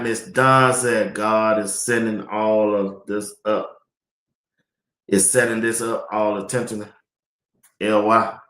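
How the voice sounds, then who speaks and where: Man, live sports talk host, laughs a lot, loose slangy chat, forceful bright tone. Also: on the low side. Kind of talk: casual live-stream chat reading comments. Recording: echoey room.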